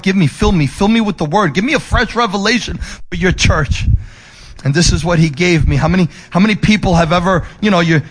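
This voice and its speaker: A male pastor preaching, moving between emphatic raised lines and soft, low ones, with restless repetitions and restarts. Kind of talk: sermon.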